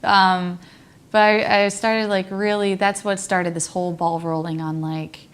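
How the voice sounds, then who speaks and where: A woman's voice: fairly low pitch, fairly even intonation, normal speed. A young woman talking reflectively in a rambling personal monologue, often saying "like" and dropping to a near whisper. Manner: rambling, frequent "like", laughs, drops to near whisper.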